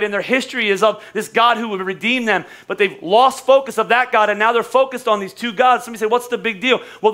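Man, pastor, sermon, very high voice, bright tone, chatty with jokes. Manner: conversational preaching with acted quotes and humor.

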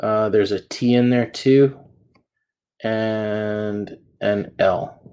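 A man's voice: lowish voice, fairly even intonation, very slow, dark tone, clean tone. A man teaching a math lesson, walking through each step patiently and checking in with "okay?" and "right?" as he goes. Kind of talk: classroom lesson walkthrough.

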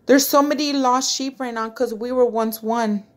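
A woman's voice: on the high side, steady tone, normal speed. A woman giving an impassioned, prayerful devotional talk to her online followers, repeating her phrases and tenderly calling them precious family. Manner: fervent, repetitive, prayerful. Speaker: online faith vlogger.

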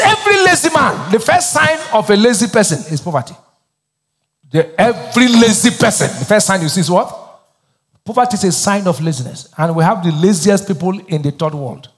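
A man's voice: high voice, big-room sound. A Nigerian man preaching a sermon as pastor, asking the crowd to finish his lines in call-and-response. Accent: Nigerian English.

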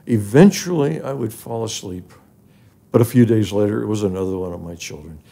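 Speaking a little fast in a dark, low voice with vocal fry, an older podcast guest recounts his life, starting from his childhood in an African village. The charity president emeritus speaks earnestly, his voice rising whenever emotion takes hold.

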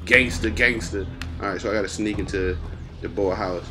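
A relaxed man chats over his gameplay in a slangy, rambling, playful way. His voice sits a little low. Game music plays clearly behind him through the whole recording. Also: fast talker. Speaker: gaming YouTuber. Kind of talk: casual gameplay commentary.

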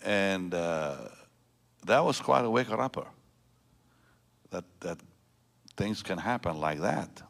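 Deep-voiced older male pastor. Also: lively intonation, slow, creaky, long pauses, fairly bright tone. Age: 70s. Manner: rambling, emotional testimony with many restarts. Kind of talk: sermon storytelling. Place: large church.

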